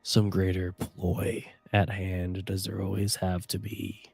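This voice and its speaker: A man plays a wry former agent who now wears a sheriff's badge. He speaks in a lowish, gravelly voice that stays dry and low-key while he probes. The sound is close and dead. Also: monotone, slow, darkish tone, no echo, soft background music, full character voice. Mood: probing.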